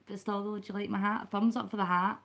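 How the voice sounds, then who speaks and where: A woman's voice: medium pitch, level tone, fast talker, gravelly, a bit bright. A Scottish woman hosting a late-night live stream, talking casually and at length to her viewers and greeting them by name. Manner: rambling and chatty, talks to the chat by name.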